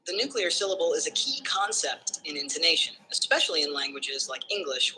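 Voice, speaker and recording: A bright, crisp synthetic voice explains concepts in tidy numbered points with an even, smooth delivery. Faint background noise sits under it. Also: mid-range voice, poor audio. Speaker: AI assistant answering questions. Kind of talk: structured explanatory answers.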